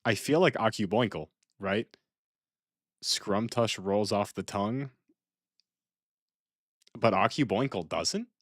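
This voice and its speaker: A playful man talks through a game on stream, rambling and circling back to repeat his points. His voice sits fairly low. The sound is dry and close, with no room around it. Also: slow, pauses often, no echo. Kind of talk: casual gaming stream commentary.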